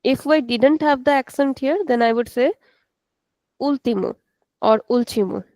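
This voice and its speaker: A woman's voice: sits high, normal speed, darkish tone, dry recording. A woman teaching a live online class, patiently explaining and repeating words for her students. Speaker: Portuguese teacher.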